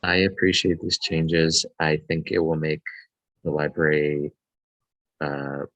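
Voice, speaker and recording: A man on a board speaking up at a meeting, slowly searching for his words. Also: rumbling low, little pitch movement, a bit bright, no room sound. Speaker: board member. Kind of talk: meeting comment. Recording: dry, dull lo-fi audio.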